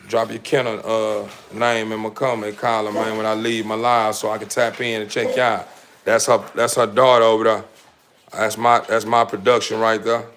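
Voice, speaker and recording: A man rambles in an easy, laid-back way, speaking to his livestream viewers and his dogs at home. His voice sits on the low side, and a faint background noise runs under it. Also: a bit bright. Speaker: dog breeder livestreaming. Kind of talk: casual livestream chat.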